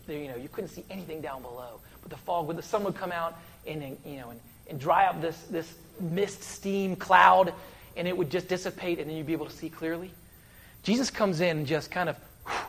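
A man preaching a sermon, telling stories animatedly and swinging between loud bursts and soft, hushed asides. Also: fairly high pitch, brisk, slight background noise. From West Virginia.

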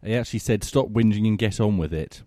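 A man hosts a casual motorsport chat, dryly moving from one news item to the next. His voice sits low and mellow. The sound is dry and close. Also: quick pace, dry recording. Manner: dry, steers the conversation through news items. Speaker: host.

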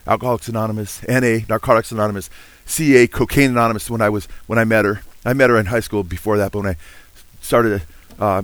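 A man's voice: mid-range voice, a bit bright, no echo. Earnest preaching man, dry close sound. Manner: earnest preaching with frequent "amen" and rising emphasis. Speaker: pastor. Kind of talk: sermon.

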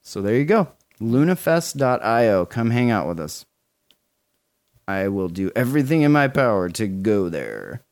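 A man in his forties co-hosting a podcast, chatting casually, excited and swearing a lot. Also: fairly low pitch, normal speed. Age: 40s. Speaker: podcast co-host.

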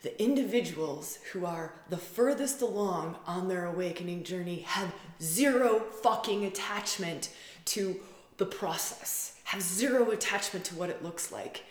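A woman's voice: fairly low pitch, a little slow, roomy sound. A woman who works as a spiritual facilitator, talking in a rambling, intimate way and repeating words for emphasis. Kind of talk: casual monologue.

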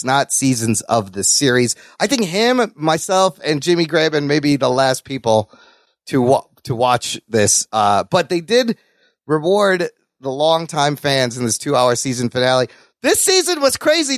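A man co-hosting a podcast in casual chat, animated and profane. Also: moderate pace, dry recording. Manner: animated, profane, swings between high and low pitch. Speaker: podcast co-host.

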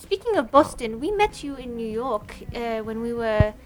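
An actress playing a chatty young French woman with a French accent, co-hosting a comedy podcast in halting, eager bursts. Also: on the high side, big pitch swings. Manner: halting, eager, speaks in fits with fillers. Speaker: co-host.

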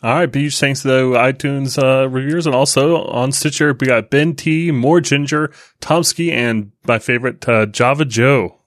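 A man's voice: mid-range voice, normal speed, hardly any pauses, a bit bright, no echo, studio quality. A man co-hosting a podcast, chatting casually and lightly joking as he reads listener names. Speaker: podcast co-host. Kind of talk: casual chat.

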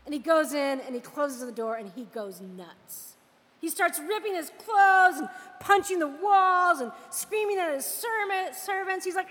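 A woman preaching a lively, conversational storytelling sermon. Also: high-pitched, normal speed, big-room sound.

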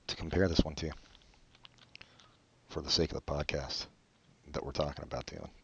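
A man co-hosting a podcast in casual chat, joking in a sarcastic, deadpan way. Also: very deep voice, moderate pace, lo-fi sound, a little hiss or hum. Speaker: podcast co-host.

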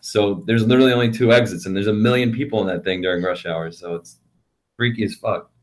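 A man's voice: on the low side, quick pace. A young man, co-hosting a podcast and telling rambling stories, swearing freely. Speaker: podcast co-host. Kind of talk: casual chat.

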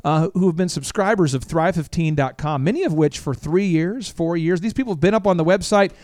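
A man hosts a talk radio show with enthusiastic, joking energy and quick back-and-forth banter. His voice sits high for a man. It comes through a dry, close studio microphone. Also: a little mellow, dry recording.

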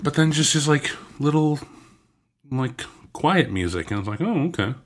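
A man in his thirties in relaxed casual chat, sometimes humming tunes to make a point. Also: a little high, unhurried. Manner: relaxed, chatty, mimics tunes with silly "do do" sounds.

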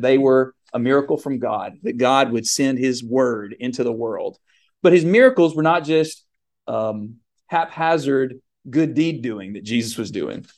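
A man's voice: mid-range voice, darkish tone. A man preaching a communion sermon in an earnest, emphatic way, with fillers and restarts.

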